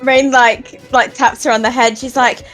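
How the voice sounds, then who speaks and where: A woman playing a tabletop game who speaks gently and with amusement. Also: fairly high pitch, little pitch movement, normal speed, soft background music. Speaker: player. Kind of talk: casual tabletop play.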